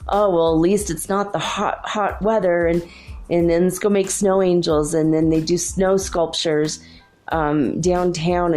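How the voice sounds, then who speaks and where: A woman's voice: on the low side, warm tone. A woman from Minnesota hosting a casual spiritual monologue, rambling and chatty with frequent laughs. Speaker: spiritual channel host.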